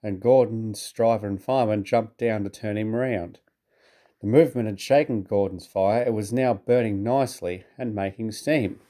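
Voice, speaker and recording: A man with a British accent narrating a children's storybook in a measured, gently expressive way. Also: lowish voice.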